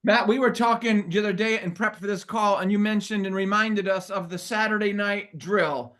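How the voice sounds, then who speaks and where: A man's voice: sits high, fairly even intonation, normal speed, a bit bright. A middle-aged man hosting an interview, reminiscing and prompting guests in a friendly, casual way. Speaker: host.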